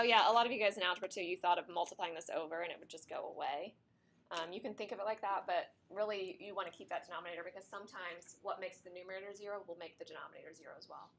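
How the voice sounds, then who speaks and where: A woman with a fairly low, somewhat bright voice teaches math, talking her class through the steps at the board in a chatty way. She is losing her voice and it keeps cracking, and there's a little hiss or hum in the recording.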